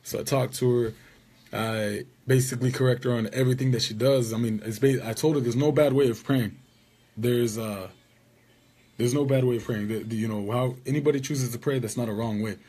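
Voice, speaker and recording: A man's voice: mid-range voice, steady tone, fairly quick, warm tone, husky. A man casually telling a rambling story about being wronged, with an indignant tone. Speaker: vlogger.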